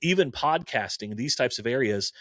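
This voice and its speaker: Animated storytelling man, dry sound. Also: medium pitch, moderate pace, no room sound. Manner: animated storyteller who acts out quoted dialogue. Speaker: campus minister. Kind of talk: casual storytelling conversation.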